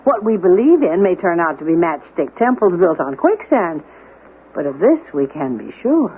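A man's voice: high-pitched, big pitch swings, moderate pace. A man playing a formal, faintly pompous butler in an old-time radio drama. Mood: soothing. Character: prim, unflappable male butler, formal and condescending. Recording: tinny, lo-fi old radio recording with faint hiss.

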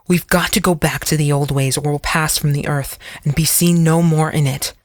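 An earnest, pleading male preacher, voiced by a woman narrator in a storybook reading. He is pitched a little above her low voice and sounds urgent and imploring, recorded close and dry. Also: steady tone, normal speed, no echo, close to an everyday voice. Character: earnest, sweating male preacher of the old ways.

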